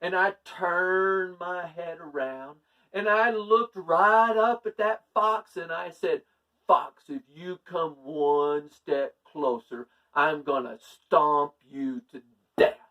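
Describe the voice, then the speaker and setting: A man's voice: a little high, muffled recording. A man doing sly country boy Jack, distant. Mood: dramatic. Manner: drawling, slow, folksy boasting. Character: sly young country man Jack, boastful tall-tale teller. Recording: distant from the mic.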